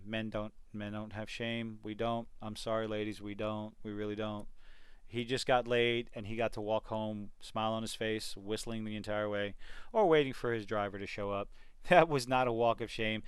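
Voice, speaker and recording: A man's voice: fairly low pitch, steady tone, moderate pace, clear, resonant tone, no echo. A man giving an exasperated, sarcastic rant in a video review of a TV series. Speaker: TV review vlogger.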